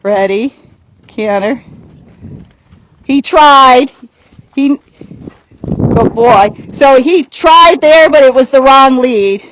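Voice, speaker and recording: A woman's voice: sits high, very slow, pauses often, fairly bright tone, slight background noise, low-quality recording. A woman horse trainer giving a riding lesson outdoors, coaching directly and laughing now and then.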